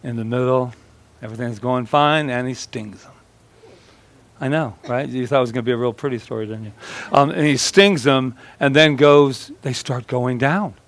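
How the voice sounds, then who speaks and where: A man's voice: mid-range voice, normal speed. Conversational man giving a sermon. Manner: conversational, joking, animated storytelling. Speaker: pastor. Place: church service.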